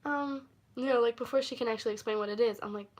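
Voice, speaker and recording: A woman's voice: on the high side, fast talker. A woman chatting through a casual story-time livestream, rambling and giggling, with lots of fillers. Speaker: livestream host.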